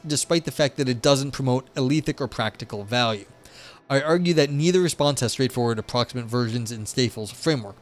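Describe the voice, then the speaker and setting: A man casually streaming, reading and discussing a philosophy paper in a rambling, chatty way full of fillers and side remarks. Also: medium pitch. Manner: rambling, chatty, many fillers, laughs at own asides. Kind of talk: casual live-stream commentary.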